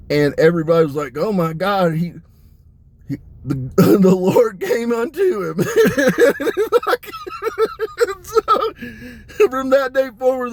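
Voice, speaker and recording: A man's voice: sits high, dry recording. A man giving a rambling, profane monologue, swearing constantly and breaking into laughter as he talks. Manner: crude, swearing, laughing often.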